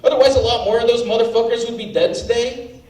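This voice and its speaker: A man's voice: very high voice, fairly even intonation, quick pace, a little mellow. Ranting, outraged standup comic man. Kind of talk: standup set. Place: comedy club stage. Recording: roomy live venue, mic at a distance, faint ambience.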